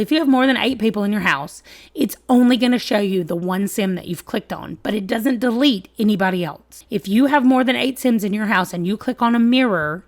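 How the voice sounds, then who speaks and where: A woman's voice: mid-range voice, fairly bright tone. A woman who sounds sick, hosting a casual game tutorial and explaining step by step in a chatty way, with emphatic warnings.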